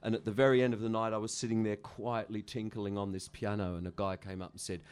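A man's voice: on the low side, little pitch movement, fast, a little mellow, clean tone. A middle-aged musician telling rambling, profane stories in a casual interview, laughing at his own anecdotes. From Australia. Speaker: musician guest.

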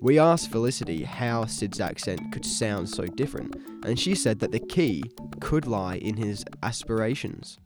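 A man's voice: on the low side, animated, normal speed. Curious man host over music. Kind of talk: scripted podcast narration.

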